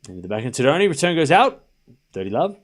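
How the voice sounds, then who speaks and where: A man's voice: medium pitch, very animated, fast talker. A young Australian man streaming live tennis commentary, calling points and bantering with his chat. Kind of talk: live watchalong commentary, chatting with viewers.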